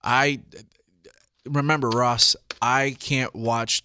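A man co-hosting a casual wrestling podcast, chatty and excitable, quick to chime in and agree. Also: mid-range voice, clear, resonant tone, dry recording. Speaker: podcast co-host.

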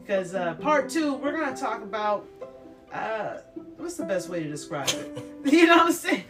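Blunt, lively woman podcast host. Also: medium pitch, moderate pace, music in the background. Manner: blunt, swears freely, laughs often. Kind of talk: casual podcast chat.

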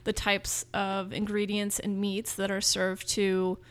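A woman in her thirties from Northern California talks about her food business in a casual interview. She is eager and chatty, often restarting her sentences, and her voice sits at a mid pitch. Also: completely flat delivery, slow, clean tone. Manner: enthusiastic, chatty with frequent restarts.

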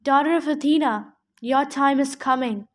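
A woman reading aloud the part of an ancient male nature god, gentle and sorrowful, in a solemn, earnest way. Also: sits high, moderate pace, lightly acted.

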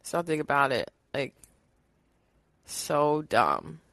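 A woman's voice: low voice, sing-song, takes it slowly, vocal fry, a bit bright, no echo. A woman co-hosting a podcast, chatting casually in slangy speech with lots of "like" and casual swearing. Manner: slangy, filler-heavy, swears freely. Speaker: podcast co-host. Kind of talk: casual chat.

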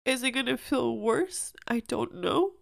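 A woman's voice: on the high side, expressive, unhurried, vocal fry. A young woman hosting a personal podcast, speaking earnestly and emotionally, with many "like"s and "um"s. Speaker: podcast host.

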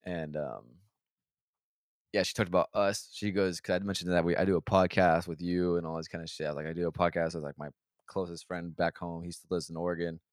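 Low-voiced profane storytelling man. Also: little pitch movement, brisk, no echo, studio quality. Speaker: podcast co-host. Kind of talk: casual storytelling chat.

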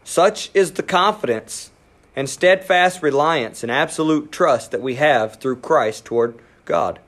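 A man preaching a sermon, animated, acting out inner voices and dropping his voice low for emphasis. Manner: animated, acts out inner voices, quickens and drops to near whisper. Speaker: pastor.

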